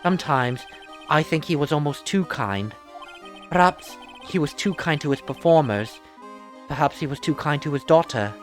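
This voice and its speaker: A woman voicing a gentle, devoted young male circus acrobat in a game, in a deliberately deeper voice, with faint game music behind. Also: lively intonation. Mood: earnest.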